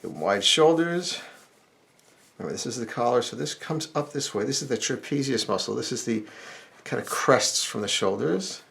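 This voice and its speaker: A middle-aged man talks through a drawing lesson step by step, explaining as he sketches. His voice has a gravelly edge, and his pitch moves in a lively, animated way. Soft pencil and marker scratching runs underneath. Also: normal speed. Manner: relaxed explanatory, thinking aloud while sketching. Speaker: drawing instructor.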